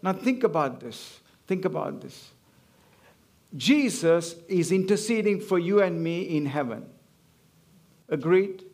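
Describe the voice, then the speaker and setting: A man's voice: a little high, expressive, takes it slowly, long pauses, a little mellow. A man preaching a sermon, emphatic and repetitive, drawing call-and-response from the congregation.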